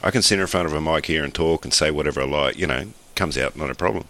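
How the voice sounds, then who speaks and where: Very low voice, Australian man, podcast co-host, rambling casual storytelling. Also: quick pace, pushed and bright. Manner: rambling, matter-of-fact storytelling. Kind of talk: casual chat.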